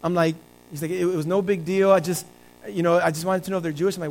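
A man's voice: sits high, fairly even intonation, racing, a little mellow, rough recording. A male pastor preaching a conversational sermon and telling stories to his congregation.

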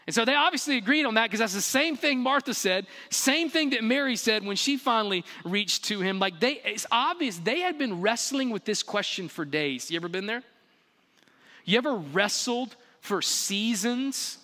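A man preaching a lively sermon, throwing rhetorical questions at his listeners and slipping into playful acted-out quotes. His voice sits high and rings bright and forceful. The sound carries a long reverb from a big church hall. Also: moderate pace. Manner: animated, rhetorical questions, acts out quotes with humor. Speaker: pastor.

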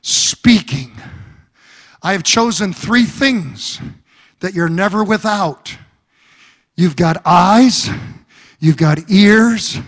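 A man's voice: sits high, slow, pauses often, a bit bright, in a large hall. A male preacher delivering a fervent, rhythmic sermon in church.

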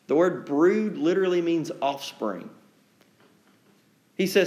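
A man's voice: on the high side, lively intonation, a little slow, pauses often, a little mellow. A man preaching an evening sermon to a congregation, talking in a conversational, folksy way and acting out quotes with sarcasm. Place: church room with a congregation.

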